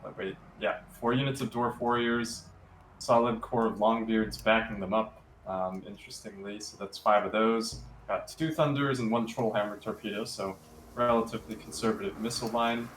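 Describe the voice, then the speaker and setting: Man, game co-caster, monotone, low-pitched, echoey room with faint hiss. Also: normal speed. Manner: monotone, even delivery. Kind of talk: esports game commentary.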